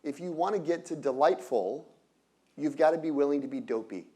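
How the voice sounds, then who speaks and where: A man giving an energetic lecture on innovation to an audience, often asking rhetorical questions and breaking off into quick asides. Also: fairly high pitch. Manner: energetic, peppered with rhetorical "right?"; asides and self-corrections.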